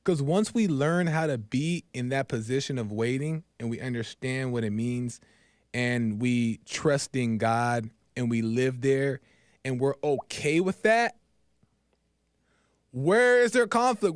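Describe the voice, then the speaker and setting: Encouraging preacher-style talk host, smooth voice. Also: male voice, mid-range voice, no room sound, clean studio sound. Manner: preachy, encouraging, repeats key phrases. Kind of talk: live call-in faith talk show.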